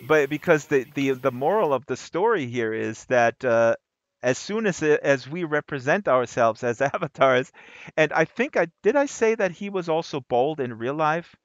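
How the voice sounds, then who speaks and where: A man from Germany telling a story at an open mic in a casual, animated way, with many fillers and restarts, acting out the voices of the people in it. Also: fairly high pitch, moderate pace, no room sound.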